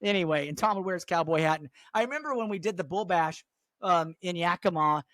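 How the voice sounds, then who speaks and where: Man, radio DJ, casual storytelling, high voice, dry sound. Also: quick pace, dry recording. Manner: animated, acts out quotes with voices. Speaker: radio DJ, podcast guest.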